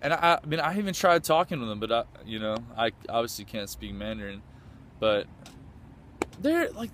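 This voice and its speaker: An American man, voice on the low side, eagerly tells a casual, rambling story about a trip, full of fillers and restarts. Background noise can be heard.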